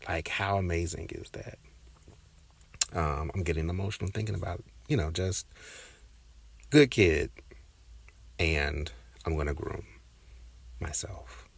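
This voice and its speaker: A man hosting a podcast, telling a personal story in a casual, reflective, halting way, often restarting his sentences and sometimes dropping to a whisper. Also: low voice, vocal fry, slightly rough, dry recording. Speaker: podcast host.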